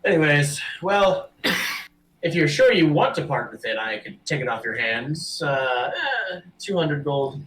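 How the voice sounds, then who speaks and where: A man playing a gruff orc merchant. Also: on the high side, expressive, a little slow, a bit bright, roomy sound, recorded from a distance, slight background noise, rough recording. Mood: haggling. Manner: haggling, dismissive. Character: lazy male orc merchant, gruff and shrewd.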